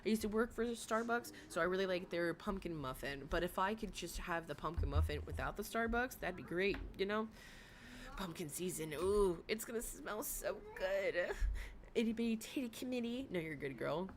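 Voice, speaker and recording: A woman's voice: lowish voice, expressive, normal speed, slight background noise. A woman streamer giving casual, chatty commentary on a livestream, laughing often and adding sarcastic asides. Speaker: reaction streamer.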